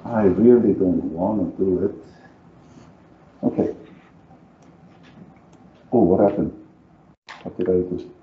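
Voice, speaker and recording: Man, accented English, math teacher, lowish voice, roomy lo-fi classroom recording, thinks aloud. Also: slow pace, pauses often, slight background noise. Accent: non-native English. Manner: thinking aloud, coaxing students to agree. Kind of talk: live calculus lecture. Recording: roomy, dull lo-fi sound.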